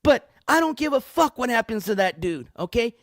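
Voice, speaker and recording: A man's voice: very high voice, very animated, normal speed, no room sound, clean studio sound. A man hosting a livestream news show, ranting in an angry, profane, combative way.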